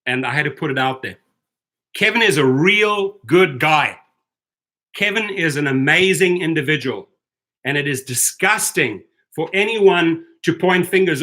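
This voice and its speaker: A man's voice: on the high side, animated, a little slow, bright, forceful tone. A man hosting a rideshare channel, ranting heatedly on a livestream, with stammered restarts. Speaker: host of a rideshare driver channel. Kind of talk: livestream commentary reading chat.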